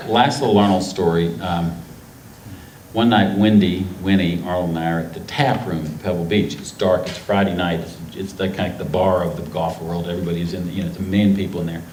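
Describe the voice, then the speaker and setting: Deep-voiced man telling rambling stories. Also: fairly even intonation, brisk, darkish tone. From North Carolina. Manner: rambling, emotional, acts out quotes. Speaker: author on festival panel. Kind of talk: anecdotal storytelling to an audience. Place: festival stage before a live audience. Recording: echoey hall with faint noise.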